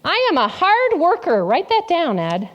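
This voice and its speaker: A woman's voice: very high voice, wildly swooping pitch, a little slow, lo-fi sound. A woman pastor giving an interactive sermon in a church, asking the congregation questions and repeating their answers back. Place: church sanctuary.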